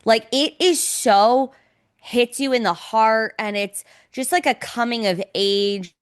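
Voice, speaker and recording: Taking it slowly with a clean, slightly high tone, a young woman co-hosts a laid-back podcast chat. She's dramatic and emotional, and doesn't hold back on swearing.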